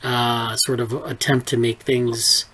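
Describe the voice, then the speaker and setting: A man chatting casually in an online lab meeting, his voice at an ordinary middle pitch. He rambles, circling back with fillers and restarts as he thinks aloud. The sound comes through a video call. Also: level tone, takes it slowly, sharp tone, low-quality recording. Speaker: research group leader.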